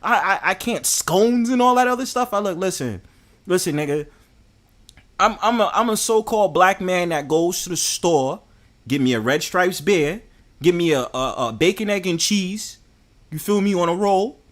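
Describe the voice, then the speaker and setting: A young man with a New York accent, ranting in a casual, profane and animated way to his live chat. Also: high-pitched, normal speed. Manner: profane, animated, heated and joking. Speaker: host.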